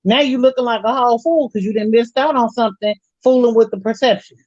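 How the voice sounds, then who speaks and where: A woman's voice: fairly high pitch, quick pace, a little mellow, no room sound, highs cut off. A woman guest on a casual panel chat, sassy, calling people baby and honey.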